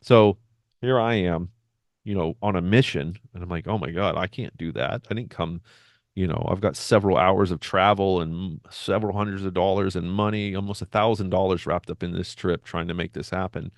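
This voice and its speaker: A man's voice: low-pitched, fairly quick, no room sound, clean studio sound. A man who works as a recovery coach, telling a personal story in a casual monologue and acting out the quotes. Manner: animated retelling with acted-out quotes.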